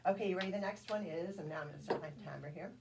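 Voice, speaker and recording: A patient, encouraging woman leads a one-on-one phonics drill and sounds out words letter by letter. Her voice sits a little low and is picked up from a distance, with faint noise behind it. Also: rapid-fire. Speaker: reading tutor.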